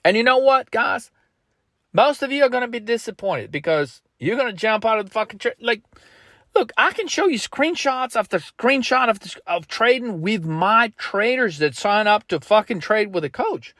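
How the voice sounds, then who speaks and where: A man with a high voice delivers a blunt, pushy motivational rant as a trading coach. He swears constantly. The sound is dry and close, with no room echo. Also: animated, moderate pace, fairly bright tone. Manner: blunt, heavily profane, pushy.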